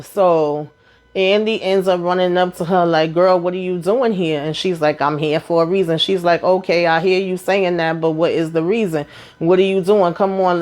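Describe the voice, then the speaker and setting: A woman with a fairly low voice recaps a TV episode in a casual way. She acts out the characters' lines in quick, animated bursts and drops blunt, profane asides along the way.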